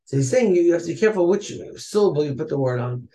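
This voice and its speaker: A man's voice: fairly high pitch, animated, very fast, mellow. A man teaching a casual study class. He chants Hebrew passages in Ashkenazi pronunciation, then explains them in English. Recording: echoey room.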